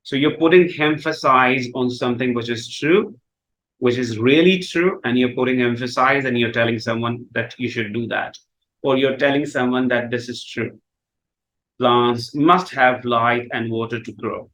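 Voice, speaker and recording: Male teacher, Urdu first language, mid-pitched, patient explainer who repeats and rephrases. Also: fairly bright tone, poor audio. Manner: repeats and rephrases himself, slow deliberate examples. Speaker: English teacher. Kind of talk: grammar lesson explanation.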